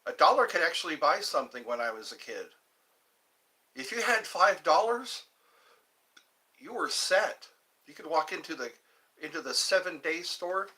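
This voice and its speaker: Man, livestream host, nostalgic rambling chat, bright tone, slightly high voice. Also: big pitch swings, normal speed, long pauses. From Georgia, US Deep South.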